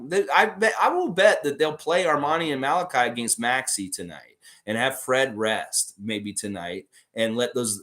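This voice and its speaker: Animated man rambling on a fan stream. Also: medium pitch. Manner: rambling, animated storytelling with filler words. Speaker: sports fan livestream host. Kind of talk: casual livestream chat reading viewer comments.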